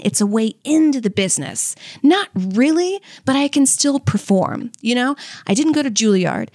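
A woman's voice: on the high side, darkish tone, no echo, clean studio sound. Chatty, profane young woman from Louisiana. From Louisiana, US South. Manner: chatty, profane, laughs often, quick asides. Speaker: comedian and podcast co-host. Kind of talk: candid casual storytelling with stand-up jokes.

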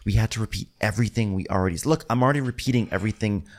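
A man's voice: on the low side, very fast. A man co-hosting a comedy podcast, telling a reality show recap with playful acted-out quotes. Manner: playful storytelling, acts out quotes, laughs often. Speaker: podcast co-host.

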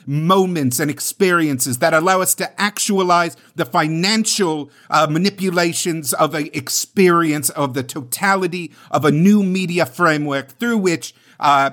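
A man's voice: fairly high pitch, a little slow, few pauses, a bit bright. A man co-hosting a comedy podcast, improvising mock rants full of filler words. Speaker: podcast co-host.

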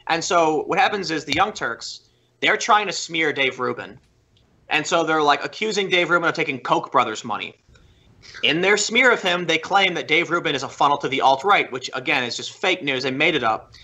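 A man with a bright, pressing edge to his voice, sitting a little high in pitch. He talks as a podcast guest in loose, animated chat. He piles on fillers and false starts as he tells the story. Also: normal speed. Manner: animated storytelling, lots of "like" and restarts.

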